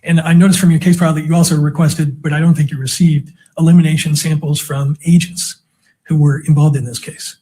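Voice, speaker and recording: A man's voice: on the high side, flat delivery, brisk, warm tone, husky. Methodical man questioning in court. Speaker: defense attorney. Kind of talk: courtroom cross-examination.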